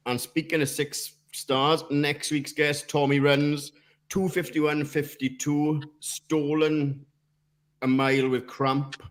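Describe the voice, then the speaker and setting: A man's voice: a little high, flat delivery, slow. A man hosting a running podcast, bantering casually with friends and swearing now and then. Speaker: podcast host. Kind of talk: casual chat.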